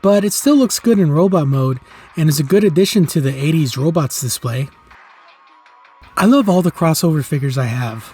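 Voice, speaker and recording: Husky middle-aged man reviewing toys. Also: a little high, a little mellow. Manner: enthusiastic, nostalgic, earnest. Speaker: toy reviewer, channel host. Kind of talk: scripted review narration.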